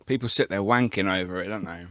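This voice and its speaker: A man's voice: sits low, fast talker, a bit bright, no room sound. A man, co-hosting a podcast with cheeky, laughing banter. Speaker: podcast co-host. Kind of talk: casual chat.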